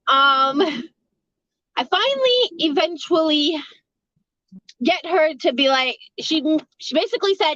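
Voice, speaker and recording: High-voiced woman rambling through a storytime. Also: expressive, takes it slowly, pauses often, a bit bright, no echo, dull audio. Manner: rambling, swearing, laughing often. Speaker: vlogger telling a story. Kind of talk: casual storytime.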